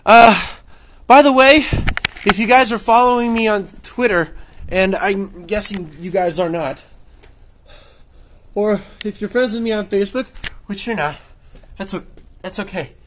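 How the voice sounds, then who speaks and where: A man rambles excitedly through an outdoor vlog, out of breath from the storm. The camera's own mic catches faint wind and handling noise around him. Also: sits high, a little slow, long pauses. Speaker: vlogger. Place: outdoors in a snowstorm. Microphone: handheld camera mic.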